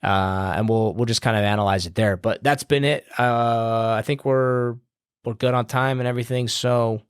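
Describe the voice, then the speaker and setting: A man's voice: mid-range voice, steady tone, moderate pace, smooth, no echo, studio quality. A man hosting a podcast, giving a blunt, profane, rambling pep talk in a casual style, with a slight New Jersey edge when he gets heated. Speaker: podcast host.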